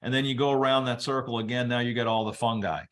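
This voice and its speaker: Man calmly explaining soil science. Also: mid-range voice, fast. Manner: relaxed explanatory, steady teaching flow with casual asides. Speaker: webinar presenter.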